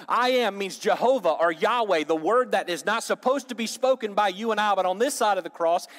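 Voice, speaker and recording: A man's voice: high voice, fairly bright tone, big-room sound. A man teaching a sermon to a church group in a conversational way, asking the audience questions and joking. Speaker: pastor or Bible teacher.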